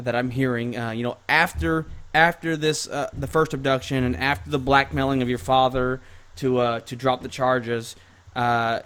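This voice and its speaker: A man's voice: mid-range voice, fairly bright tone. Guy hosting a chat, mid voice, stumbles thru his questions with lots of uhs. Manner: halting, lots of fillers and restarts. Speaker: podcast host. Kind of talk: casual interview chat.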